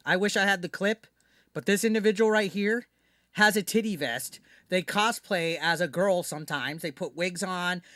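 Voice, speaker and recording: A high-pitched man with a bright, forceful voice rants to his live-stream chat. He is brash, profane and mocking, and sounds dry and close on a desk mic. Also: no room sound.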